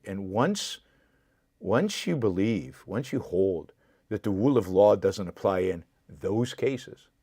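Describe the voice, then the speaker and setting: Man, show host, live commentary, indignant, impassioned, fairly low pitch, dry recording. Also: gravelly, darkish tone, no room sound.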